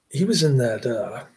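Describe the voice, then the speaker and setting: Slow, husky middle-aged man rambling. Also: mid-range voice. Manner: rambling, chuckling, filler-heavy. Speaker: movie reviewer. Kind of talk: casual rambling chat.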